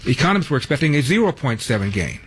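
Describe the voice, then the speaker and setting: A man's voice: mid-range voice, sing-song, very fast, husky. A man hosting a talk radio show, delivering news items with wry, sarcastic asides from a studio.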